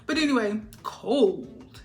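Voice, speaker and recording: A woman's voice: on the high side, lively intonation, slow pace. A woman giving a spiritual tarot reading to her viewers. She talks in an emphatic, sassy way and keeps checking in with "all right?". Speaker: tarot reader.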